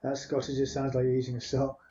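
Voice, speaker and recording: A man's voice: medium pitch, monotone, fast talker, warm tone, lo-fi sound. A man hosting a game let's play, reading dialogue choices and commenting in a matter-of-fact way.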